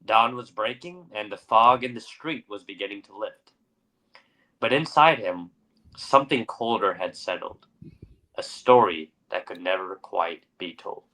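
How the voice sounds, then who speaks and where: A young man co-hosts a podcast, moving from dramatic story narration into casual chat. His voice has a bright, forward tone. He keeps an unhurried pace. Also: on the low side. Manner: narrates dramatically, then chats with fillers. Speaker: podcast co-host.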